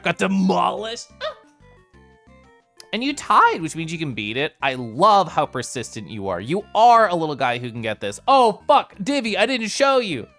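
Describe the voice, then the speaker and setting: A man's voice: a little high, a bit bright. A man streaming a game, chatting casually with viewers, bubbly and giggly. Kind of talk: casual live-stream chat.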